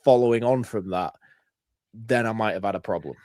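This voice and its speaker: A middle-aged British man, co-hosting a podcast, chatting casually and thinking his points through out loud. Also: on the low side, fairly quick, dry recording, studio quality. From Britain. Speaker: podcast co-host. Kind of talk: casual chat.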